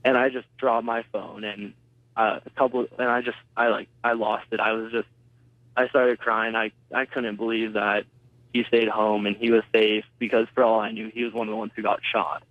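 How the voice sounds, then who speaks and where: A man's voice: fairly low pitch, flat delivery, moderate pace, no echo. A teenage boy, a student, telling his story in a phone interview, hesitant and full of fillers. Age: teens. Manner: hesitant, retelling events with many fillers. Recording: tinny phone line, dry.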